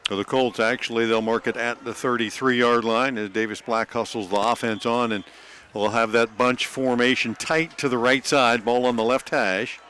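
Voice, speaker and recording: A man giving play-by-play for a high school football game, calling each snap quickly and joking like an auctioneer. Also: steady tone, a bit bright, a little hiss or hum. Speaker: play-by-play announcer.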